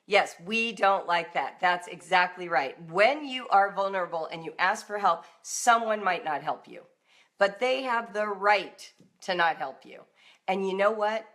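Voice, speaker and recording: A middle-aged woman hosting a live-streamed talk for parents, animated and now and then acting out emotional outbursts in a raised voice. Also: medium pitch, a little slow. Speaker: homeschooling author and host.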